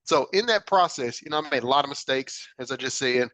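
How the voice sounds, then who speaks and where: With lively intonation and a brisk pace, a man with a mid-range, slightly bright voice hosts a podcast. He's an adult father earnestly reflecting on a personal story, with many "right?" check-ins. The recording is rough, with no room sound.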